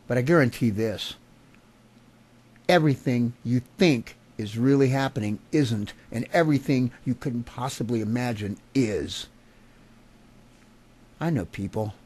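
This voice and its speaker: A man's voice: medium pitch, a little mellow. A man delivering an angry, profane political rant to camera, agitated and furious. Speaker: vlogger.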